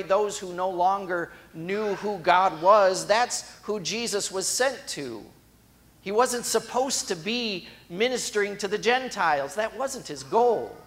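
A man's voice: high-pitched, fairly bright tone. A man preaching a sermon in a conversational storytelling way that builds to emphatic moments.

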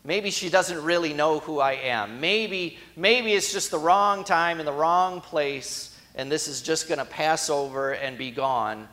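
A man's voice: on the high side, slow pace, bright, forceful tone. A man preaching a sermon in a conversational storytelling way that builds to emphatic moments.

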